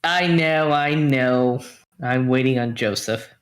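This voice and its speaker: A man's voice: medium pitch, slow. Rambling man thinking aloud. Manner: rambling, thinks aloud, trails off mid-sentence. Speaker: podcast co-host. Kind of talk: casual chat over a voice call.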